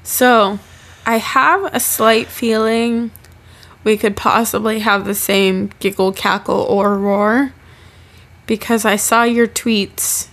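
A young woman co-hosting a casual chat podcast, giggly, excitedly retelling conversations. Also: medium pitch, slow pace. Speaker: podcast co-host.

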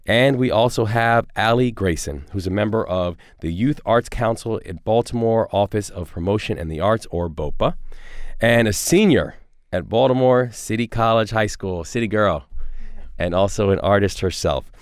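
A man's voice: on the low side, expressive, moderate pace, no room sound, studio quality. A man hosting a talk show, introducing guests with enthusiastic, upbeat energy. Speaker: radio show host.

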